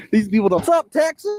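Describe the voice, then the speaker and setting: A man's voice: high voice, darkish tone, no echo. A man filming a police encounter outdoors, talking in a sarcastic, taunting way. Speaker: camera-carrying citizen auditor. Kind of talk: confrontational street exchange. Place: outdoors on a campus street.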